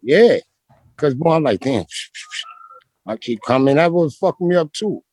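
A man's voice: a little high, lively intonation, normal speed, darkish tone. A man from Brooklyn, telling rambling, slangy street-basketball stories as an interview guest. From Brooklyn, New York. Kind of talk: casual storytelling interview.

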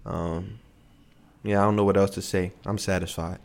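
A man's voice: low voice, flat delivery, moderate pace. A young man co-hosting a podcast, chatting casually with slang and lots of fillers. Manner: laid-back slangy banter, frequent fillers. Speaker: podcast co-host.

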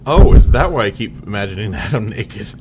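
A man's voice: fairly low pitch, animated, brisk, very noisy. A man co-hosting a podcast, joking and reading the show's closing. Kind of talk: casual chat and scripted outro. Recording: crowded-sounding store room.

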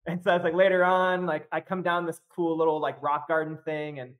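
Guy w a pretty high voice on a podcast, rambly story, tons of "like", keeps laughing. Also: flat delivery, a little fast, fairly bright tone. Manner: rambling, filler-heavy, laughs often while telling. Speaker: podcast guest. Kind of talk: casual storytelling chat.

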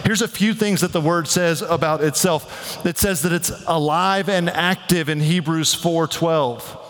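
A man's voice: a little high, fairly bright tone, in a large hall. A man preaching a sermon in a church, casual and conversational, often saying "like". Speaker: pastor.

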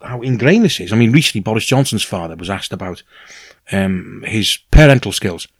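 A Welsh man being interviewed as a novelist, speaking in a lively, earnest way with many restarts. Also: lowish voice, brisk, slightly rough. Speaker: novelist guest. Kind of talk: casual conversational interview.

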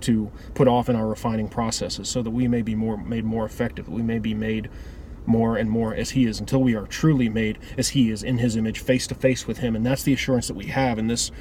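A preacher with a fairly low, slightly mellow voice and little pitch movement speaks a bit fast. His earnest, informal devotional talk rambles, often starting phrases over, and there's a little hiss or hum.

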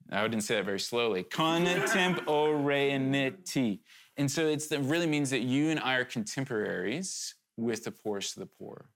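A man's voice: medium pitch, gravelly. A male preacher delivering a sermon in a mid-range voice. He speaks earnestly and with urgency, in a conversational way, with candid asides and restarts, and his voice rises sharply whenever he presses a point.

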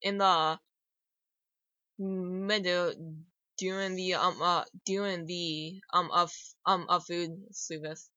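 A woman speaks very slowly and haltingly, stopping often to search for words. Her voice is bright and smooth. The recording is dry and a little dull. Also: fairly low pitch, fairly even intonation, dry recording. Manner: halting, many fillers and restarts. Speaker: podcast co-host. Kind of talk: casual chat.

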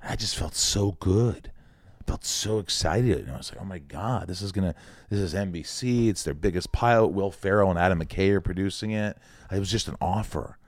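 A man, a guest on a podcast, telling a story in a lively way, acting out the voices of the people in it and swearing casually. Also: low-pitched, a little fast, no room sound, studio quality. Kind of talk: animated storytelling with acted-out quotes.

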